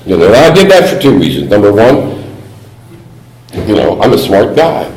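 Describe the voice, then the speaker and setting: Animated man telling his story. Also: mid-range voice, moderate pace, pauses often. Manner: humorous storytelling with animated voices. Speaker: AA speaker. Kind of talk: recovery meeting talk. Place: meeting hall. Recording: echoey hall recording.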